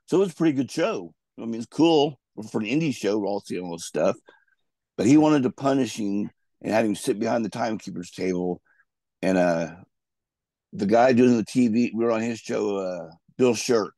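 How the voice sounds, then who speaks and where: A low, gravelly man tells loose, rambling stories about his wrestling career. His tone is dark and mellow, and the sound is dry and close. He restarts his sentences often as he talks. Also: animated, normal speed, no room sound. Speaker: guest, former pro wrestler. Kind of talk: casual storytelling interview.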